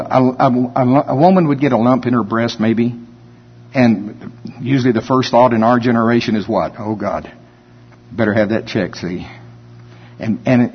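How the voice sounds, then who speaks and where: A man preaching a sermon in a folksy way, reading scripture slowly and building to emphatic points. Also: medium pitch, slightly rough. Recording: dull lo-fi recording with long reverb.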